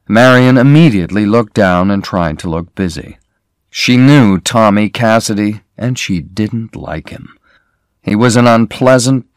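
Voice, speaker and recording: Slow, deliberate male story narrator. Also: fairly low pitch, clear, resonant tone, no echo, studio quality. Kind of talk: slow graded-reader narration for learners.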